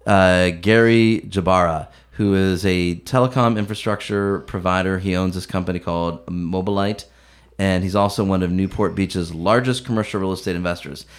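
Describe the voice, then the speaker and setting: A man's voice: sits low, fairly even intonation, normal speed. A man co-hosting a casual beer podcast, talking with a sarcastic, joking edge. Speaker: podcast co-host, beer reviewer. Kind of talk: casual chat.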